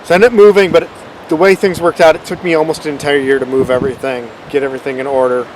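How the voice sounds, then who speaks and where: A man's voice: a little high, little pitch movement, fast, slight background noise, low-quality recording. A man hosting his own channel, rambling in a casual, self-deprecating way about how his videos came about. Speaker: channel host. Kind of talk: casual unscripted vlog rambling.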